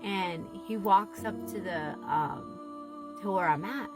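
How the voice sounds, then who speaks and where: A woman's voice: medium pitch, takes it slowly, over music. A woman casually telling an emotional, rambling story to her viewers, often saying "you guys". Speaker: TikTok storyteller. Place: Southwest Florida.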